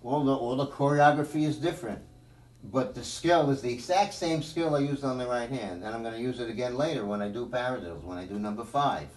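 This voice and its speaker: A man's voice: medium pitch, fairly quick, a little mellow. Man, drum teacher, rambling with fillers, distant mic, echoey room. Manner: rambling, thinks aloud with many fillers. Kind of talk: live drum lesson.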